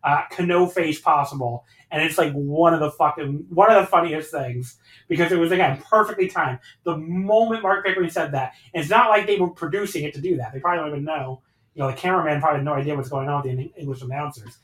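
A man hosting a podcast, recapping matches in casual chat, animated and swearing freely as he rambles through the action. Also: fairly high pitch, quick pace, reverberant, poor audio. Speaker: podcast host.

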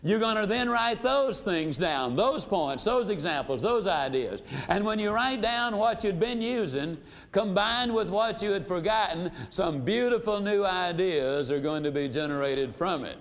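A man giving an emphatic motivational sales lesson, repeating phrases for effect and slowing down on key points. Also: sits high, expressive. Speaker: sales trainer.

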